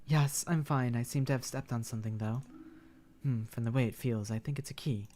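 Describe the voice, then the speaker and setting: A man's voice: medium pitch, fairly quick, dark tone, lightly acted. A man reading the lines of a timid, anxious young woman in a game, hesitant and careful. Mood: cautious.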